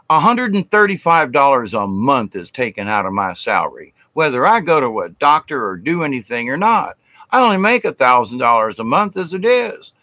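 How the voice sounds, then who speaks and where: A man talks in a loose, self-interrupting monologue, airing theories to his audience. His voice is bright and forward. The sound is dry and close, with no room echo. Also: medium pitch. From United States. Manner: rambling, self-interrupting, conspiratorial. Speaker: channel host. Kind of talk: casual rambling monologue.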